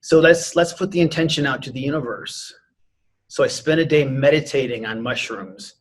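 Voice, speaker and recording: A man's voice: medium pitch, moderate pace, slight background noise. A man in his forties, a martial arts instructor and podcast guest, telling a personal story in an earnest, rambling way with lots of "you know" fillers.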